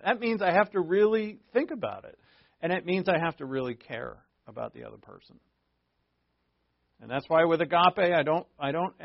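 A man preaching a conversational sermon, earnest, asking rhetorical questions and shifting from emphatic to hushed. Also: fairly high pitch, gravelly, no echo, highs cut off. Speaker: pastor.

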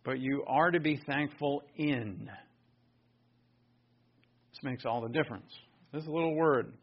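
A pastor preaching a sermon, emphatic and full of rhetorical questions. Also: male voice, medium pitch, a little slow, lo-fi sound.

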